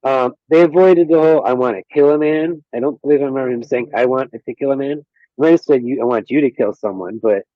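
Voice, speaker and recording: A man's voice: mid-range voice, quick pace, no room sound. A man co-hosting a podcast in casual chat, hesitant, with many fillers. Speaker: podcast co-host. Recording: dull, muffled line.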